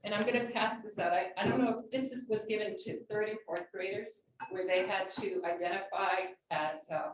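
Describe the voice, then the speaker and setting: A woman's voice: mid-range voice, steady tone, normal speed, few pauses. Woman reading a public comment. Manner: earnest, reading prepared remarks, then chatty. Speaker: public commenter at a school board meeting. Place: large meeting room. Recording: echoey room, distant mic, faint noise.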